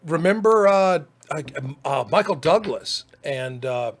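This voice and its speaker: High-voiced man, hesitant and dry. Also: expressive, measured pace. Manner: hesitant, dry, lots of fillers. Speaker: podcast co-host. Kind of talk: casual chat about movies.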